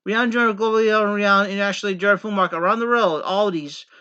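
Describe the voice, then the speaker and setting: Vlogger, male, from Pennsylvania coal country: very sharp, bright tone, repetitive and earnest, lo-fi audio. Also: high-pitched, steady tone, racing, smooth. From Pennsylvania coal region, USA. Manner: rambling, repetitive, earnest, many false starts. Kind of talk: casual rambling monologue to camera.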